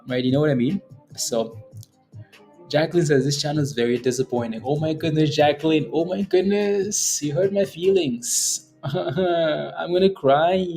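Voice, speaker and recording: A man's voice: mid-range voice, warm tone. Joking man hosting a trading stream. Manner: chatty and joking, laughs often, mocks viewers. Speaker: day trading livestream host. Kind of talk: casual livestream chat.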